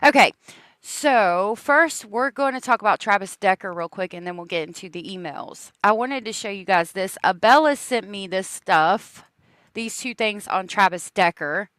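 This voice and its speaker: A woman's voice: medium pitch, normal speed, fairly bright tone, no room sound. A woman hosting a casual true crime livestream, chatting with viewers and laughing often.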